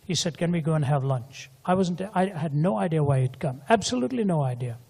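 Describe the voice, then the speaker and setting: A man's voice: fairly high pitch, darkish tone, slightly rough. Older male preacher in a reverberant hall. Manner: storytelling, voice rising to emphatic peaks. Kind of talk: sermon.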